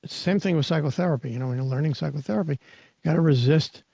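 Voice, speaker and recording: A man's voice: fairly high pitch, fast, gravelly, warm tone, husky, no room sound. A man hosting a live audio talk, coaching and teaching in an emphatic way, repeating words and restarting his sentences. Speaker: host and mindset coach. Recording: dull, lo-fi online audio.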